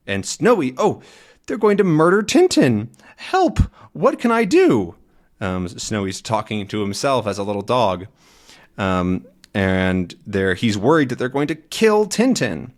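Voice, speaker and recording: A man teaching English by reading a comic aloud and explaining it in a relaxed, chatty way with frequent fillers. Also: lowish voice.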